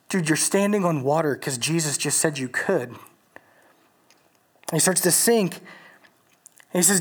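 A preacher giving a casual, animated sermon in slangy, conversational talk. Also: mid-range voice, moderate pace.

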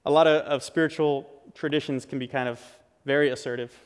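A man's voice: mid-range voice, steady tone, brisk, smooth. Earnest male pastor preaching in a reverberant sanctuary. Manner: earnest, conversational preaching with restarts. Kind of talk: sermon. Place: church sanctuary. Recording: long hall reverb.

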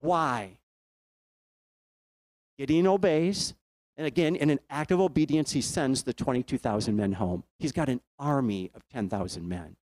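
A man's voice: mid-range voice, normal speed, a little mellow, no room sound. Man preaching a storytelling sermon. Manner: storytelling, asks the listeners questions.

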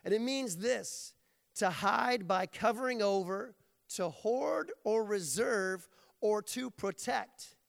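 A man's voice: sits high, expressive, takes it slowly, gravelly. Man, preacher, sermon, playful jokey delivery, long hall reverb.

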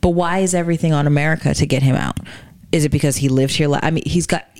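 Skeptical woman in casual chat, a bit low. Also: fairly even intonation, fast, darkish tone. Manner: questioning, skeptical, talks it through with restarts. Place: Charlotte area, US.

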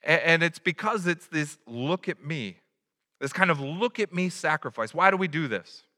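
A man's voice: on the high side, lively intonation, moderate pace, pushed and bright, big-room sound. A man preaching a sermon in a conversational way, a father who acts out little quotes. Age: adult, has a child. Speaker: pastor.

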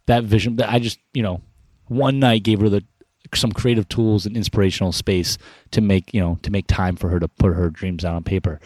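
A young man tells a story at a rapid clip, his voice sitting fairly low. He bounces into the voices of the people he quotes. The sound is dry and close. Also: dry recording. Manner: energetic, animated storyteller acting out quoted dialogue. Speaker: podcast guest, founder of an inspiration business. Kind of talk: casual storytelling interview.

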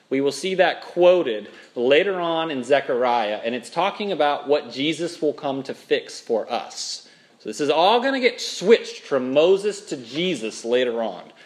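A man from Minnesota preaching a sermon as pastor, telling stories with animated, dramatic emphasis. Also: on the high side.

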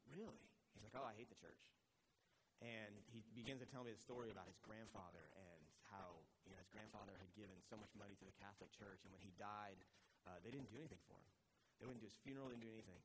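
A man giving a sermon, earnestly telling stories with quoted dialogue as a missionary speaker. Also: lowish voice. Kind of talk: sermon storytelling. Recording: faint noise, long hall reverb.

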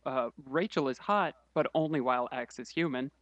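A man co-hosting a casual podcast, recapping a book's plot quickly and dropping wry asides. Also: medium pitch, fairly bright tone, muffled recording. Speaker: podcast co-host summarizing a book.

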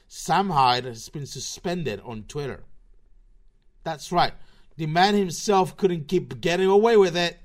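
A man rambles on his own podcast in a slurred, low-energy way, delivering sarcastic commentary thick with profanity.

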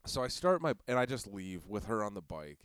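Crude, smooth-voiced Midwestern guy telling stories. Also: lowish voice, big pitch swings, brisk, no room sound, studio quality. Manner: crude, profane storytelling with many fillers. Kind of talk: casual podcast chat.

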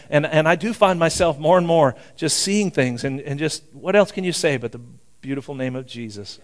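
A man in his sixties preaching a sermon in a conversational way, with frequent asides and restarts. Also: a little high. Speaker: pastor.

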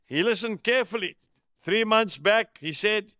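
A man's voice: high voice, moderate pace, pushed and bright, dry recording, studio quality. A man narrating a first-person memoir as an audiobook, in an earnest, reflective way.

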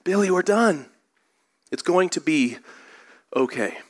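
A man reading out a calm young father who keeps quietly soothing his screaming toddler. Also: a little high, normal speed, close to an everyday voice. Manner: quiet, steady, reassuring.

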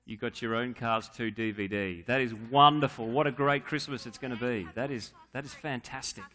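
A man's voice: mid-range voice, normal speed, bright, forceful tone. A man leading a playful, joking children's talk at a church service, coaxing kids to answer.

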